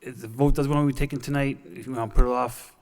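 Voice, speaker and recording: A man's voice: mid-range voice, fairly even intonation, quick pace, darkish tone. A man chairing a public safety subcommittee, presenting a proposal to the council in a plain, businesslike way with frequent ums. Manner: businesslike, filler-heavy, plain talk. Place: council chamber. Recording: council hall reverb.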